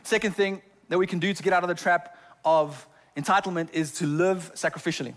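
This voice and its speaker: A male pastor preaches in a church. His voice sits a little high for a man, and he often trips over repeated words before moving on. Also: fairly even intonation, brisk. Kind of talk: sermon. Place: church sanctuary.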